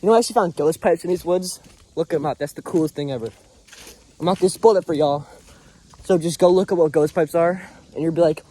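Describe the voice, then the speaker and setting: Speaking fast in a fairly high, warm voice, a young vlogger records a casual chat on his phone while walking in the woods. His pep talk rambles, stays earnest, and is thick with crude slang; there is slight background noise, plus faint birds and insects.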